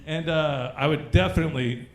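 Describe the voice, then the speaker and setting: A man's voice: on the high side, vocal fry. A man hosting an open mic, doing profane stand-up comedy on a brewery stage and laughing at his own jokes. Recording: echoey room.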